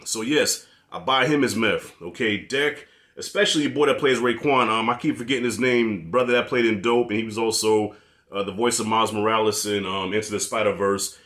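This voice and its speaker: A man giving a blunt, profane, animated review of a TV series in a casual rant. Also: medium pitch. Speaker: TV show reviewer.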